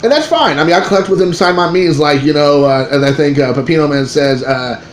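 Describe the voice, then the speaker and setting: Excitable rambling man in echoey room. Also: on the high side, quick pace. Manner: rambling and excitable, with many restarts and fillers. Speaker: card collecting vlogger. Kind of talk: casual storytelling to camera. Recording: echoey room with faint ambient noise.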